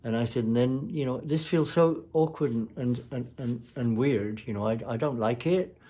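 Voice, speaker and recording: A man casually telling a personal story, rambling and halting with many fillers and restarts. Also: mid-range voice, warm tone.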